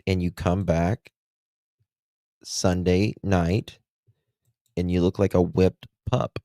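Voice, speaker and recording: Deep-voiced sarcastic male host. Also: flat delivery, slow pace, dark tone, no room sound, clean studio sound. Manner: sarcastic, taunting. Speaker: live stream host. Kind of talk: mocking live commentary.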